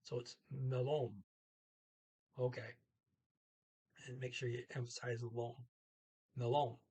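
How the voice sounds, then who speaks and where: A man tutoring a language lesson in a casual, halting way, sounding out each foreign word slowly and then translating it, with frequent pauses as he thinks aloud. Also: medium pitch, breathy edge.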